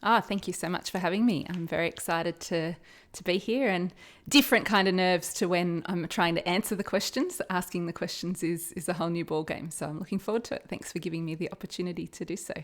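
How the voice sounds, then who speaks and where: A woman's voice: on the low side, fairly even intonation, fast talker. Chatty Australian woman hosting a quiz. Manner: chatty, laughs often. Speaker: guest quizmaster. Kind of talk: casual podcast chat and quiz hosting.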